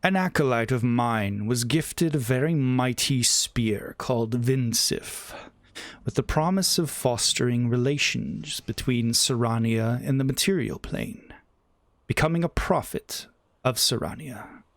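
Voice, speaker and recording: A man voicing a grim, haughty ancient djinni lord who speaks slowly and with scorn. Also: medium pitch, a bit bright, dry recording. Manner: slow, scornful and lordly.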